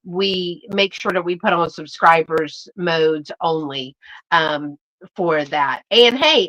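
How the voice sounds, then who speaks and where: A woman's voice: fairly low pitch, a bit bright, poor audio. A woman, chatting casually and bubbly with viewers as the host of a live reseller stream. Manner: chatty and bubbly, many fillers and restarts, addresses viewers as y'all. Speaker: YouTube vintage reseller hosting a live stream.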